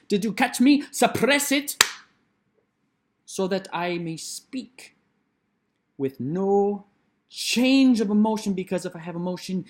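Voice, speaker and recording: A man vlogging casually to camera at home on a computer microphone, playful and theatrical, jumping between loud and quiet. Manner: playful, theatrical, swings widely in pitch and loudness.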